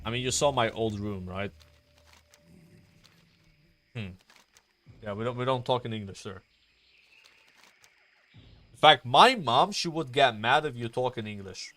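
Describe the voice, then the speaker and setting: A man's voice: medium pitch, lively intonation, measured pace, pauses often, a bit bright, faint music behind. A young man chatting casually on a stream, rambling, swearing and filling with "like" and "you know.".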